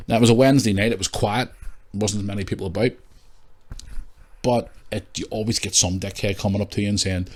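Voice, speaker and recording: A man hosting a casual solo podcast, rambling, candid and quick to swear. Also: on the low side. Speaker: podcast host.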